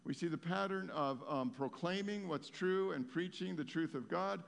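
A man's voice: on the high side, normal speed, creaky, in a large hall. A man preaching a sermon as pastor, telling stories in a conversational way with many fillers and restarts.

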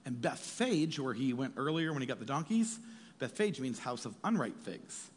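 Animated male pastor in an echoey hall. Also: mid-range voice, moderate pace, husky. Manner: animated, acts out voices of biblical figures. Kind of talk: sermon.

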